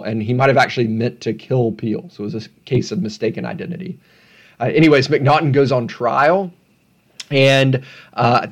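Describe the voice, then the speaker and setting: A man hosting a solo podcast at home, talking casually with rambling, self-deprecating asides. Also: mid-range voice. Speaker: podcast host.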